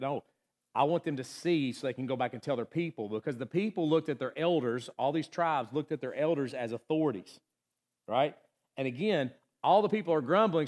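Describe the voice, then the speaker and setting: A man with a slightly high voice delivers a sermon in a church. He talks the way he would in conversation and keeps checking in with his listeners. Now and then he acts out the people in the story. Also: a little mellow. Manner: conversational, asks the room "right?" often. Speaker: pastor.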